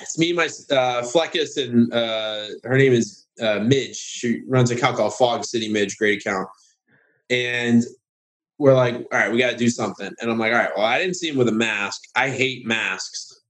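A man telling a long story on a casual podcast, sarcastic and animated, jumping into high voices to mimic other people. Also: normal speed. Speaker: guest.

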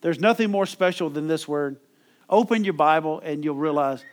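A man's voice: fairly high pitch, fairly quick. A middle-aged man preaching a sermon as pastor, emphatic and calling for amens from the congregation. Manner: emphatic preaching with call-and-response.

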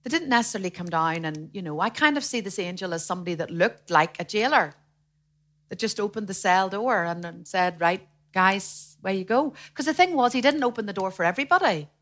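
A woman preaching a sermon in a lively way, acting out the voices of the people she quotes. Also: mid-range voice, fast. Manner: animated, acts out quoted voices.

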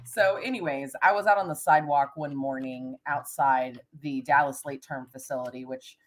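Low-voiced woman telling lively stories. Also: moderate pace. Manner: animated storyteller, acts out quotes in a high voice; laughs often, big vocabulary. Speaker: co-host. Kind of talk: casual podcast chat and storytelling.

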